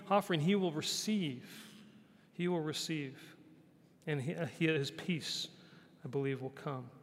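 A fairly high-pitched preacher talks his sermon through conversationally, repeating phrases and checking in with "right?" again and again. Now and then his voice drops low and gentle, and the hall adds long reverb.

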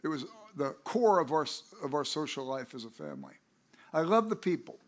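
A man preaching a sermon, telling his own story in a conversational way with lively asides. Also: a little high, brisk. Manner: animated, acts out quoted people with a raised voice; conversational, self-correcting asides.

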